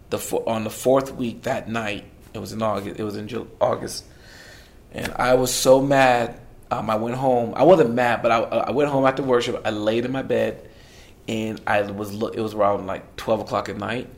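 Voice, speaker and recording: Speaking fairly low with noticeable vocal fry, a middle-aged man who leads worship shares his story on a podcast. He's lively throughout, acting out the voices of those he quotes.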